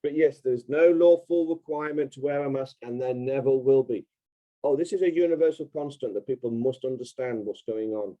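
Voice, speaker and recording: A man with a mellow, warm tone talks as a podcast guest. He presses his points hard and repeats them for emphasis, in casual interview talk. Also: mid-range voice, a little fast, poor audio.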